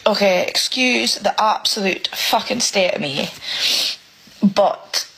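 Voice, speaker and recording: A British woman ranting emotionally in a selfie vlog about money, swearing and halting as she speaks. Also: medium pitch, bright, forceful tone, breathy edge, poor audio. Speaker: single parent venting.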